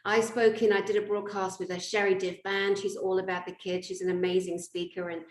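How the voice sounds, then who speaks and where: A woman hosting a casual spiritual conversation, telling stories in an animated, outspoken way. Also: mid-range voice, brisk. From England. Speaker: host. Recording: roomy echo.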